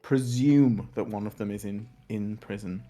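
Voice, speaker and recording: A man's voice: on the low side, moderate pace, warm tone. A man in his thirties from England, co-hosting a podcast and telling rambling stories with frequent laughs. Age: 30s. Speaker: podcast co-host. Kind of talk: casual banter.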